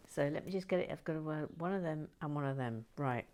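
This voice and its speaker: A woman hosting a Lego building channel, chatting quietly to herself and her viewers as she builds. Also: low-pitched, expressive, a little fast, slight background noise. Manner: soft-spoken, talks quietly to herself and viewers. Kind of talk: casual chat while building.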